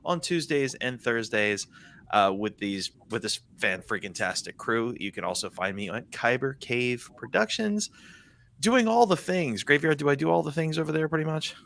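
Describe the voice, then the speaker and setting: A man with a bright, forceful voice does upbeat co-host patter. He speaks casually and playfully, with a promotional lilt. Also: mid-range voice, animated, normal speed, vocal fry. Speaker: regular co-host. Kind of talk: casual podcast chat.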